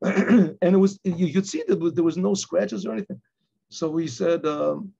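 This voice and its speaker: A man who is a rabbi, teaching a Torah class and telling a personal story, acting out shouted quotes along the way. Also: high voice, normal speed, creaky, husky. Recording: dull lo-fi recording.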